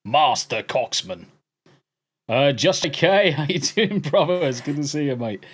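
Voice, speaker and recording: Swearing English man, animated. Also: a little high, moderate pace, breathy edge. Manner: profane, laughing banter. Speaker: podcast host reading chat. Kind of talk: casual chat.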